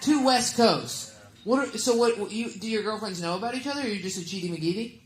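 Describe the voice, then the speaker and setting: A woman's voice: mid-range voice, quick pace, noisy background. A woman stand-up comedian doing crowd work, teasing the audience with blunt questions. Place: comedy club stage. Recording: echoey comedy club with loud crowd laughter. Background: audience laughter.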